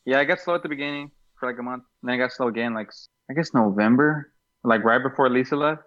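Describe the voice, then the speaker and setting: A man's voice: medium pitch, fast talker, fairly bright tone. Laid-back man, slightly dull recording. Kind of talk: casual chat.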